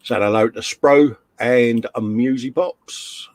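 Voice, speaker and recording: A man's voice: medium pitch, slow pace, darkish tone, no echo. A man hosting a casual live stream, chatting and reading out viewer comments in a jokey way.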